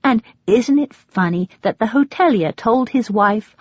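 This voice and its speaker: A woman with an English accent reading a first-person audiobook in a wry, expressive way. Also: mid-range voice, unhurried, few pauses, slightly rough, no echo. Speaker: audiobook narrator. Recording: dull lo-fi audio.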